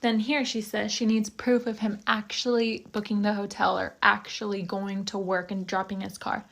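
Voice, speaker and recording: A young woman telling a social media storytime in a chatty, animated way, reading out text messages from a cheating husband. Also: mid-range voice, moderate pace, vocal fry, noisy background. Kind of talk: casual storytime narration to camera.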